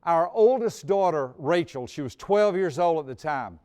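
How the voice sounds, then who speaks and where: High-voiced older man telling a story. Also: animated, moderate pace, warm tone, smooth. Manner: folksy storyteller, humorous asides, repeats words. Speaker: speaker on personality types. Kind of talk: storytelling stage talk. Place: stage before a live audience.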